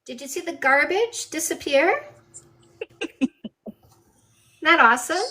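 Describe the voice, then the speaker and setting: A dating coach from Canada streams from her backyard garden, talking casually into her phone. Her voice sits a little high. She brushes off trolls in a blunt, mocking way. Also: expressive, slow pace, long pauses, bright, forceful tone. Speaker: dating coach hosting a livestream. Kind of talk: casual live-stream chat. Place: outdoors in a backyard garden with a patio.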